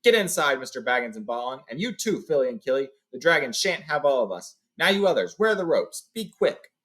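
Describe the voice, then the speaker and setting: A man voicing a proud, commanding male dwarf leader who gives brisk orders. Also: mid-range voice, very animated, a bit bright.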